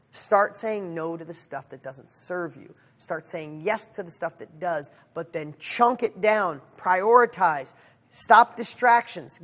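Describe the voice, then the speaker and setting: A man runs a live motivational Q&A from his studio, energetic and emphatic. He keeps it casual and sometimes swears as he pushes his listeners. He speaks with real drive and answers questions as they come in. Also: sits high. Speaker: success coach hosting a monthly live session.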